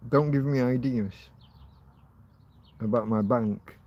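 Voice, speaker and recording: A man's voice: mid-range voice, takes it slowly, muffled recording. A man hosting a casual livestream, rambling, laughing often and swearing. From Britain. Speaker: livestream host.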